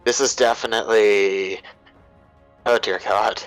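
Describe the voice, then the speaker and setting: A male player chatting casually after a tabletop game, quick with a joke. The sound is dry and close, with faint music underneath. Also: fairly low pitch, steady tone, dry recording, rough recording. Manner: joking, chatty. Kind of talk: casual chat.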